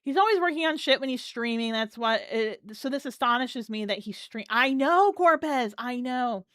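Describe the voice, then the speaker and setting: A woman's voice: high voice, animated, moderate pace, fairly bright tone, no echo, clean studio sound. A woman hosting a live stream, chatting casually and thanking viewers as she comments. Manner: chatty, keeps thanking chat supporters.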